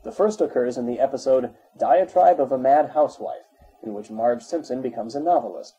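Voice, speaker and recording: Man reading an article, very dark tone, husky voice, measured delivery. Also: mid-range voice, poor audio. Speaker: narrator. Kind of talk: reading an encyclopedia article aloud.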